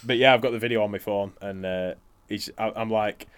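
A man's voice: on the low side, fairly even intonation, brisk, clean tone. Sweary man telling stories. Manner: swears freely, laughs through stories. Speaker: co-host. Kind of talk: casual banter and wrestling commentary.

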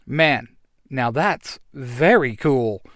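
Man voicing a brash young hero, boastful, loud, lively. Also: medium pitch, extremely slow, no room sound, clean studio sound. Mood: awed. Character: cocky young male hero fighter.

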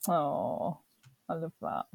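An interviewer who speaks slowly, with a mid-pitched voice that moves widely. The voice laughs often and gives short encouraging replies. The recording is dry and close. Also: very animated, gravelly, slightly rough, no echo, narrow, tinny audio. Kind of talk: casual interview chat.

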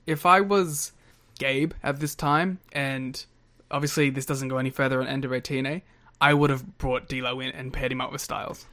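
A man's voice: mid-range voice, steady tone, moderate pace, bright, forceful tone. A man co-hosting a podcast in casual chat, wry and teasing. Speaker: podcast co-host.

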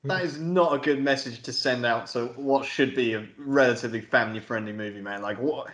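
Man, casual film review chat, laughs a lot, roomy echo, mid-pitched. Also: brisk, a bit bright. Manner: laughs often, recounts scenes with quoted lines.

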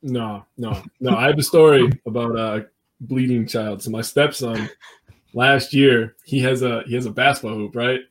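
A man co-hosting a podcast interview, relaxed and casual, telling his own family stories. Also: medium pitch, moderate pace. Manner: relaxed, tells stories, laughs easily. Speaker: podcast co-host.

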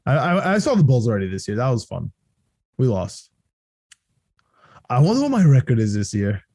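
A young man co-hosting a casual sports podcast, rambling and excitable and laughing often. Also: medium pitch, moderate pace, slightly rough, dry recording, studio quality. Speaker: podcast co-host.

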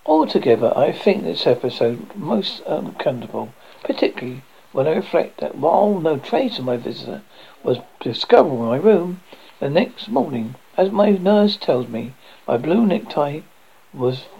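A man with a gravelly, husky voice reads an old ghost story aloud as a horror host. His pitch rises and falls in lively swings, and he often stumbles and restarts a phrase. The recording is dull and lo-fi. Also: moderate pace. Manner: stumbling, restarting reading with dramatic swings in loudness.

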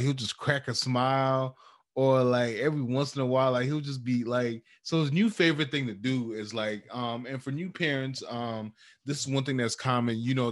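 Animated young man on a podcast. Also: mid-range voice. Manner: animated, drops into quoted voices. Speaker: podcast co-host. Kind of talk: casual chat.

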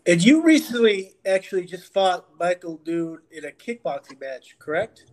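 A man's voice: high-pitched, big pitch swings, moderate pace, poor audio. A man hosting an interview, asking short casual questions. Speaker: podcast host.

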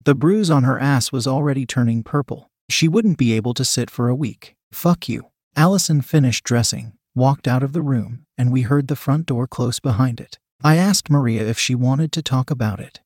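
A man narrates a first-person adult story at a steady, measured pace. His voice sits in a middle pitch. It is recorded close and dry, with no room echo. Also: slightly rough.

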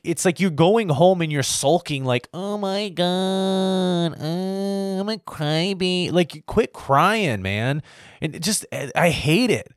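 A man's voice: a little high, no room sound, studio quality. A man in his early thirties ranting in a casual, heated way, swearing often and rambling with lots of fillers. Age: 30s. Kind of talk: casual opinion rant to camera.

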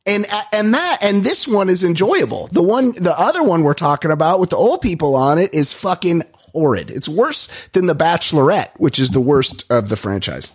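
Animated, profane man hosting a podcast. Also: fairly high pitch, normal speed, few pauses, husky. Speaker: podcast host. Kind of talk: casual podcast chat. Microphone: studio microphone.

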